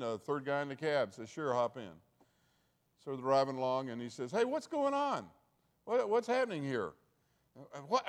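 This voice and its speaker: Male preacher-teacher, mid-pitched, rambling and animated, echoing hall. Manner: rambling storytelling with many restarts, growing animated. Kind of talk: sermon. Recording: hall reverb.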